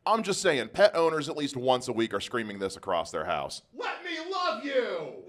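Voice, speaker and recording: A man's voice: medium pitch, sing-song, brisk, fairly bright tone. A man doing a stand-up comedy set, self-deprecating about his cat, dating and weight.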